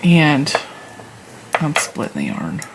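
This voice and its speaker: Woman, casual yarn-review vlogger, rambling chatter, gravelly fry, faint noise behind. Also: sits low, very animated, slow pace. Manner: chatty, rambling, laughs at herself. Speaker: knitting and crochet channel host.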